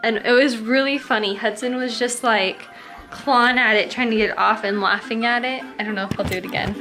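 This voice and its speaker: A woman's voice: fairly high pitch, steady tone, brisk, sharp tone, faint music behind. A young woman filming a casual family vlog, chatting to viewers and using sing-song baby talk with her toddler. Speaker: family vlogger.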